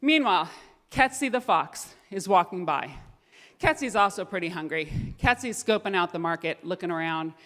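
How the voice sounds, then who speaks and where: Woman telling a lively children's story. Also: lowish voice, moderate pace. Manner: lively, animated narration. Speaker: storyteller at a family service. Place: synagogue sanctuary. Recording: echoey hall with long reverb.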